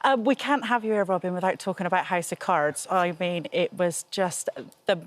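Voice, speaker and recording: A woman's voice: lowish voice, dry recording. A woman from Bristol with a Bristolian accent, hosting a casual interview and laughing often between her questions. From Bristol, England. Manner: chatty, quick to laugh, lots of restarts. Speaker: podcast host.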